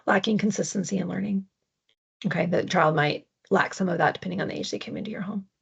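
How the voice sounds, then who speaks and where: A woman's voice: fairly low pitch, fairly even intonation, quick pace, creaky, a bit bright, husky, dull audio. A woman presenting a parenting webinar with slides, talking conversationally and often checking in with tag questions. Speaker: adoption parenting educator.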